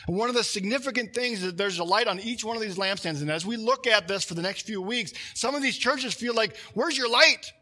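Bright high-voiced man preaching. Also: fast, few pauses. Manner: conversational, asides to the congregation, frequent restarts. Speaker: pastor. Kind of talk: sermon.

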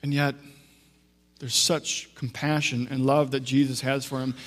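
A male preacher giving an unhurried, conversational sermon with asides and restarts, in a church sanctuary. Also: medium pitch, little pitch movement. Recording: long echo of a large hall.

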